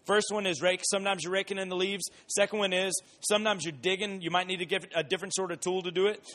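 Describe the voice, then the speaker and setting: Speaking in a high-sitting voice, a male Bible teacher delivers a relaxed, conversational sermon. Everyday examples come out lively, while key points get repeated slowly and with emphasis.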